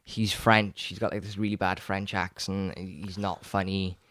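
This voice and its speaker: Low-voiced male co-host, excited rambling chat, close and dry. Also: measured pace, dry recording. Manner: rambling, enthusiastic, frequent restarts and stammers. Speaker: podcast co-host. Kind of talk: casual chat about films.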